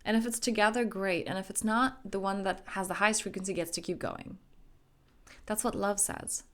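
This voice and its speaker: A woman's voice: mid-range voice, fairly even intonation, moderate pace, fairly bright tone. A young adult woman, a life coach, giving an emphatic motivational self-help talk, acting out her own inner dialogue.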